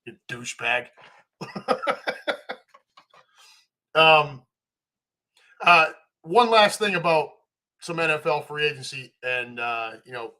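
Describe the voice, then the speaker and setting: A man hosting a live sports chat stream, ranting with animated energy and reading viewer comments. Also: a little high, takes it slowly, long pauses.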